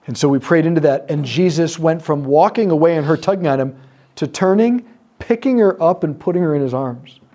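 A man's voice: on the high side, dark tone. A man giving a teaching talk on prayer to a group, telling a story and voicing the people in it. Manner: storytelling, acts out quoted voices, lets pauses land. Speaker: speaker teaching on prayer ministry. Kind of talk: sermon-style talk to a live group.

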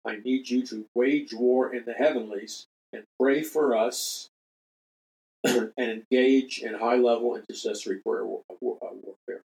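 A man's voice: mid-range voice, fairly even intonation, unhurried, vocal fry, darkish tone, rough recording. An older man delivers a talk radio monologue as host of a religious show. His mid-range voice is emphatic, and he repeats key phrases to drive the point home and appeals earnestly to his listeners.

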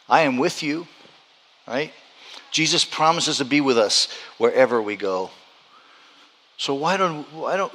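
A pastor preaching a sermon, repeating phrases as he builds to loud, urgent high points. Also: in a large hall.

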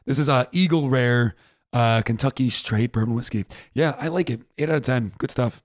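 A man's voice: mid-range voice, moderate pace, dry recording, studio quality. A man co-hosting a casual podcast, easygoing and upbeat. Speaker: podcast co-host. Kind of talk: casual chat.

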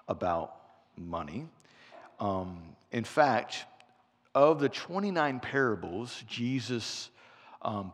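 Male pastor, mid-pitched, expressive sermon delivery, echoing sanctuary. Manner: animated, conversational storyteller. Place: church sanctuary. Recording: long church reverb.

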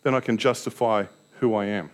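A man's voice: fairly low pitch, steady tone, brisk. A pastor preaching a sermon in a candid, self-deprecating way, telling personal stories and asking his listeners rhetorical questions.

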